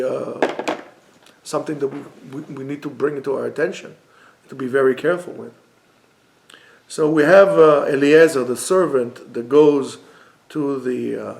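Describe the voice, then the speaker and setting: A man's voice: medium pitch, vocal fry. A man teaching a Torah class, speaking emphatically and repeating key phrases for stress. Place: classroom in a basement yeshiva. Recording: echoey room.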